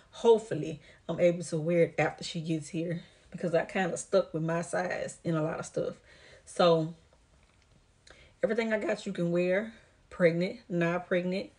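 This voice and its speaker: A woman from the United States talks through a casual try-on haul vlog, a little out of breath as she goes. Her voice sits low for a woman. She chats straight at her viewers and calls them "y'all" and "girl.". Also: a little mellow. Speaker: vlogger.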